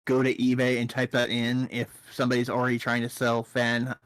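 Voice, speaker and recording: A man rambles through a casual podcast chat in a voice of middling pitch. He jokes as he goes and sometimes jumps into a squeaky mock voice. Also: monotone, brisk, a bit bright. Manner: rambling, jokey, breaks into high silly voices. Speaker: podcast co-host.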